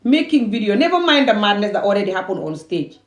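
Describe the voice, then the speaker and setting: A woman's voice: medium pitch, big pitch swings, fast talker. A woman from Gambia ranting heatedly and emphatically in a self-filmed commentary video. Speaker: vlogger.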